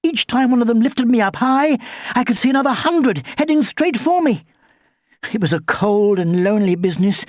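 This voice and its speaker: A woman narrating a children's audiobook with expressive, lively storytelling. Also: on the high side, normal speed, no room sound, clean studio sound.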